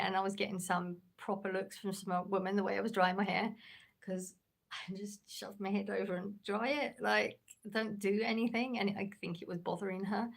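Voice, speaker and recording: English woman streamer, relaxed and halting, slight vocal fry, mid-pitched; answers chat casually. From England. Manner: laid-back and hesitant, with many ums and restarts. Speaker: livestreamer. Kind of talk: casual livestream chat, reading comments aloud.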